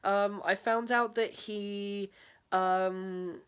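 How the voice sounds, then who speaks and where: A woman's voice: medium pitch, steady tone, very slow, a bit bright, clear, resonant tone. A young woman, a drama student, talking through a spoken video diary in a hesitant way, full of fillers and "sort of".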